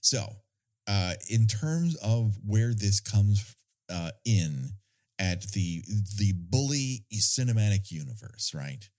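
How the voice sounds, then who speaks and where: A man with a low voice that swings up and down a lot, talking through a film on a podcast. He is sardonic and swears freely, telling it like a story. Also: takes it slowly. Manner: profane, sardonic, lively storytelling. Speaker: podcast co-host. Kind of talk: casual podcast film discussion.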